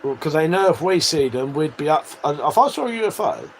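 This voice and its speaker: A man's voice: fairly high pitch, very animated, fairly quick, a little hiss or hum, poor audio. A man hosting a casual livestream, reading out viewer messages and chatting back in a sweary, matey way with frequent laughs. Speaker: livestream host.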